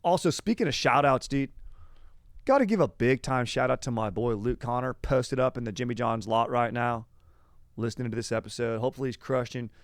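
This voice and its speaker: A man's voice: medium pitch, brisk, dry recording, studio quality. A young man hosting a podcast, talking about history in a rambling, casual way. He is slangy and laid-back, says "dude" all the time and drifts off topic. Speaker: podcast host.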